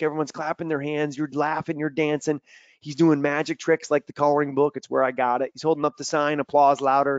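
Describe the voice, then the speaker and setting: A man running a webinar for young athletes, full of energy, who tells stories and bursts into loud acted-out quotes. His voice sits a bit high. The audio is dry and a little dull, as on a video call. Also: dry recording. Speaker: mental performance coach.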